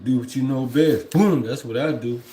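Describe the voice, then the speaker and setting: A man's voice: medium pitch, normal speed, reverberant, noisy background. A man who drives trucks talks casually on a home livestream, rambling and reflective, often repeating "you know what I mean.". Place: at home, indoors.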